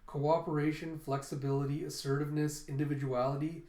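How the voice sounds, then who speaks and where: A man voicing a stern older teacher who speaks in formal, measured pronouncements. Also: a little high, little pitch movement, a little mellow, lightly acted. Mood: lecturing. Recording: roomy echo.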